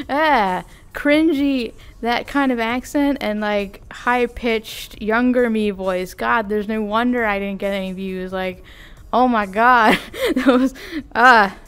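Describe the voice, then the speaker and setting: A woman's voice: a little high, a bit bright, smooth. Giggly rambling woman vlogger. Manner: rambling, self-deprecating, giggly asides. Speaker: vtuber vlogger. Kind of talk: casual chat.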